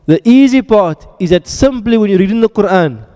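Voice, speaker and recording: A male teacher leads a classroom lecture with a high, mellow voice. He quizzes the students and drops playful jokes between drills. A long reverb hangs on every word. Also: animated, a little fast. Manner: quizzing students, joking asides. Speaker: Arabic grammar teacher.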